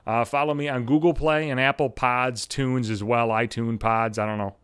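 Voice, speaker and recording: A man's voice: medium pitch, steady tone, moderate pace, fairly bright tone, smooth, no echo, clean studio sound. A man in his thirties hosting a solo podcast, ranting bitterly and swearing constantly in a sardonic way. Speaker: podcast host. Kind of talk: profane solo podcast rant.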